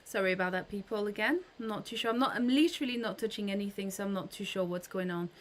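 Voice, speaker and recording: Woman, livestream host, casual chat, greets viewers, fillers and restarts, mid-pitched voice. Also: quick pace.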